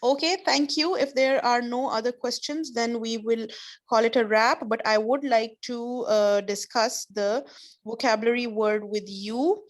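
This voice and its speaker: A woman's voice: a little high, steady tone. Patient woman teacher on a video call. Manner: patient, encouraging, explains slowly with examples. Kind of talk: online English class.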